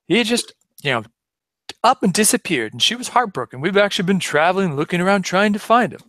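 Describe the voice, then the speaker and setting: A man voicing his own character at a tabletop game, defensive and halting. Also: high-pitched, expressive, fairly bright tone. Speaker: player. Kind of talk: in-character tabletop role-play.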